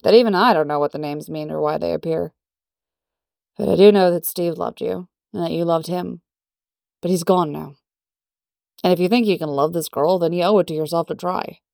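A woman voicing an easygoing middle-aged businessman who speaks in a breezy, gently teasing way. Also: fairly low pitch, normal speed, gravelly, long pauses, no room sound, clean studio sound. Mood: advising.

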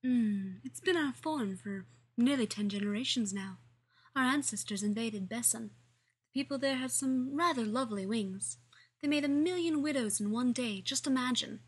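A woman's voice: fairly high pitch, moderate pace, husky. A woman reading the lines of a smug, condescending male alien villain disguised as a human librarian, in a mannered way.

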